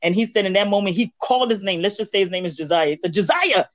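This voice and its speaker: A woman in a casual faith podcast chat, retelling a story with lively quoted dialogue. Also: medium pitch, rapid-fire, dry recording. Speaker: podcast co-host. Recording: dull lo-fi dry recording.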